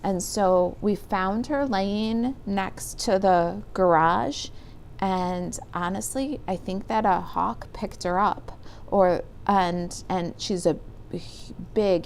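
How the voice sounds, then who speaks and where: A woman's voice: on the low side, slight background noise. A middle-aged woman demonstrating paper crafts on a live stream, chatting and reading viewer comments aloud. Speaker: stamping demonstrator.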